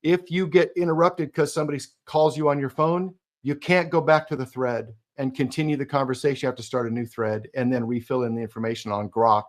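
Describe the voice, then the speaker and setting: A man's voice: medium pitch, steady tone, a little fast, hardly any pauses. A man co-hosting a business podcast, eager, explaining step by step with frequent restarts. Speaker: co-host. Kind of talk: casual podcast chat.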